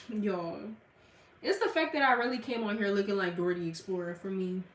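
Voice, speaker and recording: A woman's voice: mid-range voice, normal speed. Slangy young Southern woman in an echoey room. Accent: Southern American. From US Gulf Coast. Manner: blunt, laughing, slangy, talks to chat. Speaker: livestreamer. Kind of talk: casual livestream chat. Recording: echoey room, mic at a distance.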